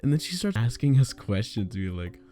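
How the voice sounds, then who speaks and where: A young man telling a casual story to his viewers, excitable and exasperated, tripping over his words and using a lot of slang. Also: mid-range voice, fairly quick, soft background music.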